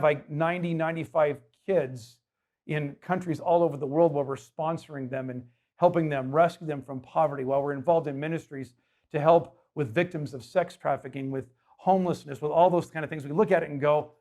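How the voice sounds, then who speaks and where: A man's voice: fairly high pitch, moderate pace, darkish tone. A man preaching a sermon as pastor, emphatic and conversational, putting rhetorical questions to his congregation.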